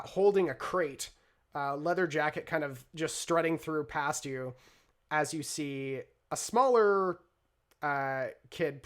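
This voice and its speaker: A man narrating a tabletop role-play game as game master, relaxed and rambling, with lots of fillers. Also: on the high side.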